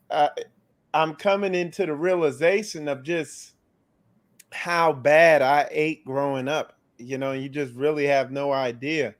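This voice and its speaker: A man hosting a ministry talk show, chatting casually about faith and affirming his guest in a halting, searching way. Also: fairly high pitch.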